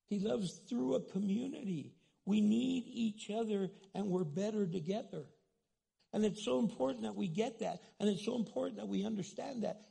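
Guy preaching a sermon, kinda high voice, raspy and mellow, keeps restarting lines. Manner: preaching with many restarts and quoted asides. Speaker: pastor.

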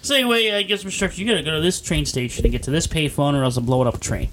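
A man's voice: a little high, racing, fairly bright tone, a little hiss or hum. A man co-hosting a podcast, casually retelling a movie plot with loose, profane asides. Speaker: podcast co-host. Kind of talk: casual chat recapping a movie.

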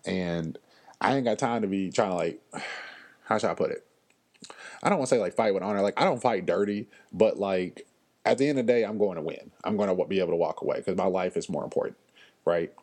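A man hosting a podcast, telling stories in a casual, animated and blunt way, with lots of fillers and slang. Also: low-pitched. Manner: frequent fillers and pauses. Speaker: podcast host. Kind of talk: casual chat.

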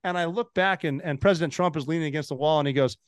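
Dry, animated American man in his forties. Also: a little high, quick pace, smooth, no echo. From United States. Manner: animated anecdotes with frequent restarts and laughs. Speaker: podcast guest, former Navy SEAL. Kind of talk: casual storytelling chat.

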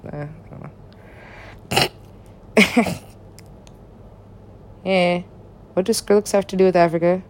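A woman talking in rambling casual chat, laughing often, swearing freely and swinging her pitch up and down. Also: measured pace, pauses often, mellow, a little hiss or hum. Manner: rambling, frequent laughter, profane asides, big swings in pitch.

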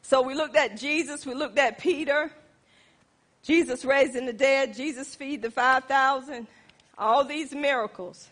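High, bright-voiced woman preaching a testimony. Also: unhurried. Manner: animated, emphatic storytelling preacher. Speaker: pastor. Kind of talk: sermon testimony.

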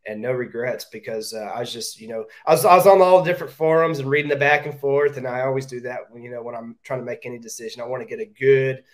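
A man's voice: medium pitch, quick pace, few pauses. A man who is a real estate agent, talking as a podcast guest in a direct manner, often repeating words as he thinks aloud. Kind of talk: casual interview talk.

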